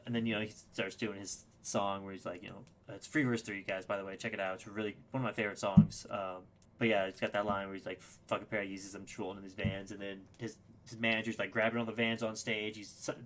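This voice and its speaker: A young man with a low voice races through a personal story as a podcast guest. He is casual and excitable, swears freely, and trips over his own words with fillers and restarts. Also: a little hiss or hum.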